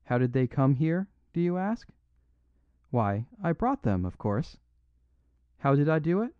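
A man reads the part of a mild, modest little English priest who speaks simply and unaffectedly, gently apologizing, his voice rising and falling freely. His slightly high, clear, resonant voice is very animated yet unhurried and pushed up. The recording is dry, a little dull, with no room sound.

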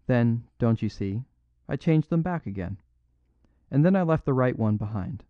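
A man voicing a modest little priest who explains things simply and with gentle apology. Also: medium pitch, expressive, normal speed, dry recording, phone-quality sound, natural voice. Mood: mild apologetic.

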